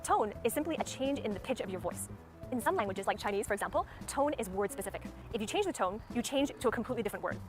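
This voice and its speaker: A speaking coach gives an instructional lesson, methodically demonstrating tone and stress aloud over clear background music. Her voice is a little high, with lively intonation and a fast pace.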